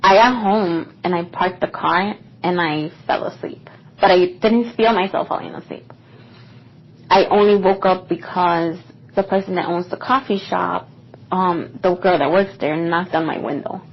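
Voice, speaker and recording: A young woman co-hosting a podcast tells a personal story in a casual, rambling way with lots of fillers. Her voice is fairly low, slightly rough, and measured in pace, and the podcast recording sounds dull and lo-fi.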